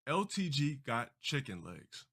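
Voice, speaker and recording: A man's voice: mid-range voice, big pitch swings, a little slow, over a noisy crowd. A man livestreaming, making grandiose and self-important proclamations in a theatrical way.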